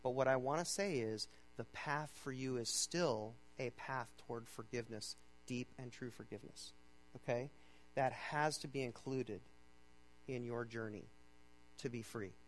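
A pastor preaching a sermon in a casual, conversational way. He keeps checking in with "okay?" and swings between loud, emphatic reading and low, quiet urging. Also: moderate pace, a little hiss or hum, rough recording.

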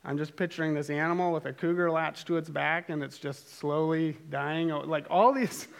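A middle-aged man telling a story casually to a live audience, animated and self-amused, with rambling asides. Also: on the high side, moderate pace, vocal fry. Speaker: speaker telling a story to a group.

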